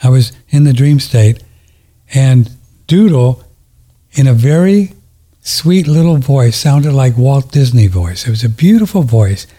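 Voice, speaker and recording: A man hosting a casual conversation, telling gentle stories and often repeating words. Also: mid-range voice, lively intonation, measured pace. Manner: warm-hearted, repeats words, soft-spoken stories.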